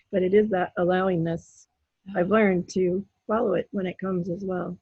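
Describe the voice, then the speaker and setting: A woman speaks with a husky, breathy voice, telling stories in a casual and animated way. She acts out her own pleas and the voices of other people as she goes. The sound is dry and a little dull, with no room echo. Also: fairly low pitch, measured pace. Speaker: guest, intuitive healer. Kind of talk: casual storytelling in an interview.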